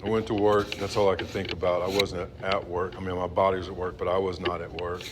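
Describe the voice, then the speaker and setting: A man in his fifties telling his own recovery story in a halting, blunt, profane way, heard on a noisy recording. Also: low voice, level tone. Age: 50s. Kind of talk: personal testimony at a meeting.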